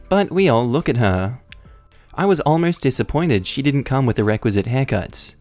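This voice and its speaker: A man narrating online stories in a scripted, wry, deadpan comic style. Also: mid-range voice, moderate pace, no echo, faint music behind. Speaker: story narrator.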